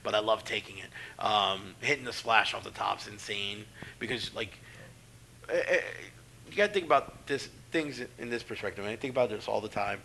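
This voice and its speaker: There's a little hiss or hum behind this fairly low, creaky male voice moving at a moderate pace. A middle-aged professional wrestler, he spins casual stories full of swearing, animatedly acting out the voices involved.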